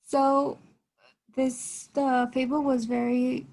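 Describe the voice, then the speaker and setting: A young woman giving a class presentation with a slightly high voice. She explains step by step and often breaks off and restarts her sentences. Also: flat delivery, slow pace, creaky, a little mellow. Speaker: student presenter.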